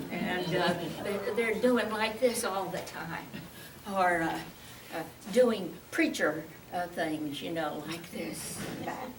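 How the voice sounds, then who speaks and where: A woman's voice: fairly low pitch, takes it slowly, a little hiss or hum. A woman giving a public speaking training talk, playful and full of uh fillers, acting out bad habits. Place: large hall. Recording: echoey hall from far off.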